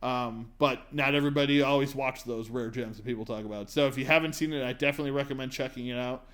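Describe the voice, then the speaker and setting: A man's voice: mid-range voice, fairly even intonation, fast talker, a bit bright. A man hosting a podcast, casually reviewing movies with frequent "uh" and "um" hesitations. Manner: hesitant, many "uh" and "um" fillers. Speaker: podcast host.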